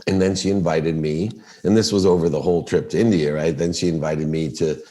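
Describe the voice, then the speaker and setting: A middle-aged man with a low, deep voice tells a story on a podcast. He is animated and acts out each person's lines as he goes. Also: a little fast. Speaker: podcast guest. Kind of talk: storytelling in a casual interview.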